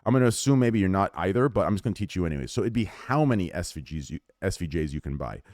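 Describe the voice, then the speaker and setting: A man's voice: deep voice, expressive, quick pace, darkish tone, no room sound, studio quality. A man live streaming and ranting casually to his chat, rambling and swearing a lot as he jumps between topics and mocks himself.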